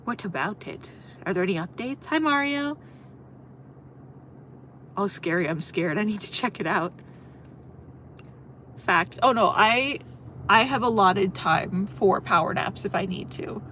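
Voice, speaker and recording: A young woman streams from her car on a road trip, chatting casually with her viewers at a middling pitch. She tells a rambling story and laughs often. A faint hum of noise sits under her voice. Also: animated, unhurried, pauses often, bright, forceful tone. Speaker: livestreamer reading chat. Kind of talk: casual chat.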